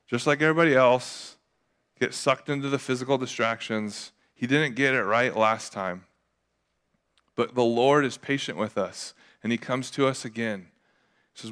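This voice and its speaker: A young adult man preaching a sermon as a pastor, casual and confessional, with lively acted asides. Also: mid-range voice, moderate pace.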